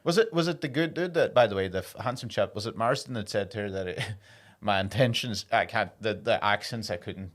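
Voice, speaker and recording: A man's voice: on the low side, fairly quick, fairly bright tone. A male podcast host chatting casually, rambling, restarting his sentences, and swearing between giggles. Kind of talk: casual chat.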